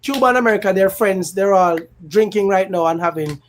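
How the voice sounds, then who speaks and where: Animated Jamaican man commentating. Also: sits high, a little fast, a little hiss or hum. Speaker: political commentator host. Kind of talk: casual livestream commentary.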